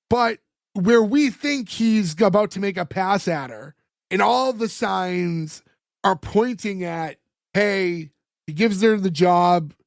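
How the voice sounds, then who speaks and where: A man's voice: high voice, dry recording, clean studio sound. A man co-hosting a podcast in casual chat, retelling scenes by acting out the characters' lines and laughing often. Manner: laughs often while talking. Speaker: podcast co-host.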